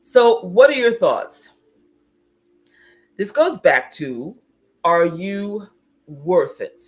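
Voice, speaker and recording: A woman's voice: lowish voice, big pitch swings, very slow. A woman spiritual teacher giving a livestream talk, reflective, laughing often and greeting viewers as she reads their comments. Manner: reflective, laughs often, acts out inner voices.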